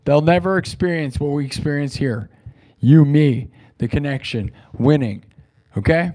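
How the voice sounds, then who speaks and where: A male live streamer giving a boastful, repetitive pep talk to his chat. He swings between loud declarations and quiet musing. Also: on the high side, moderate pace. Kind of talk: livestream sign-off pep talk.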